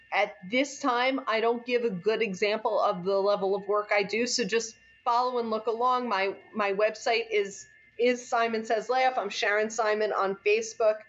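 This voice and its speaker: A woman comedian chatting as a podcast guest, animated and quick to laugh, often restarting her words. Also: mid-range voice. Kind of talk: casual interview chat. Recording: slightly dull, lo-fi sound.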